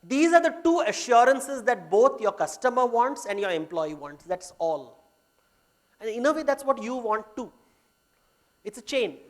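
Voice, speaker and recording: A man with a high voice and an Indian English accent, lecturing at a workshop. He speaks in a storytelling way and often switches into Hindi phrases. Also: animated, measured pace. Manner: mixes Hindi phrases into English, retells myths.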